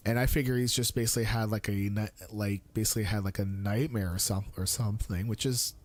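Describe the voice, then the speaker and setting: A man's voice: fairly even intonation, fast talker. A man in his thirties chatting casually on a live stream, rambling with fillers and restarts. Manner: high squeaky voice when quoting his young son.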